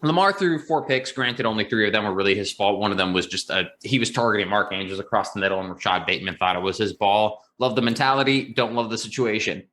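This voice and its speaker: A man's voice: lowish voice, fast talker, few pauses, pushed and bright. A man co-hosting a casual sports podcast, talking earnestly and emphatically with frequent fillers. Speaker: podcast co-host, football fan.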